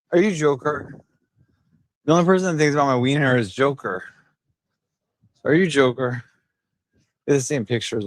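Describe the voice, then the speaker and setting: A man's voice: a little high, a bit bright, dry recording. A tipsy man live streaming while walking outdoors, rambling and bantering rowdily with his chat on a handheld phone. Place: outdoors on town streets.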